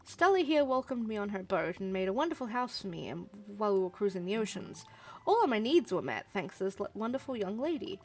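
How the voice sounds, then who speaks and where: A woman's voice: medium pitch, sing-song, a little fast, hardly any pauses, darkish tone. A woman voicing an elegant widow in a video game, gracious on the surface and sarcastic underneath. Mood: polite. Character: elegant widowed woman, sweetly cutting and proud.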